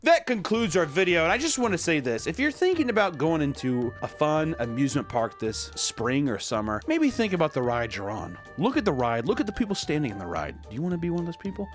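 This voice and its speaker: A man's voice: on the high side, big pitch swings, brisk, few pauses, soft background music. A man reading a list aloud and riffing on it with casual, joking commentary, swearing and breaking into silly voices. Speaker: YouTube commentator.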